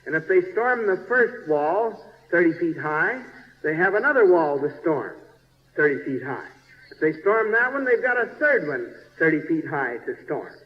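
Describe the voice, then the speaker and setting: A man, a church bishop, narrating a slide show in a folksy, chatty way, checking in with his listeners and groping for place names. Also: a little high. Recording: dull 1970s recording with long reverb.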